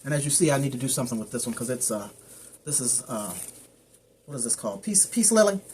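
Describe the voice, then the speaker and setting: A woman's voice: rumbling low, big pitch swings, fast talker, darkish tone, slight background noise. A woman chatting casually as she shows her house plants, wandering off topic and stumbling over plant names. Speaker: plant care vlogger. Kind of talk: casual how-to chat.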